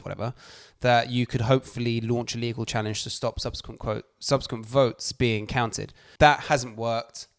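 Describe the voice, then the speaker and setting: A man's voice: mid-range voice, no room sound, studio quality. A man co-hosting a podcast in casual chat, ranting with slang and swearing. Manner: animated, swears, slangy rants. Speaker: podcast co-host.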